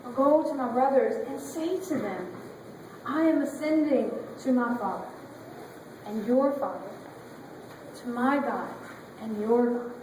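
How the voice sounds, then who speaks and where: A woman pastor quoting a calm, gentle man in a sermon, speaking softly and measured, in a very echoey church heard from far away. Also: a little high, background noise, close to an everyday voice.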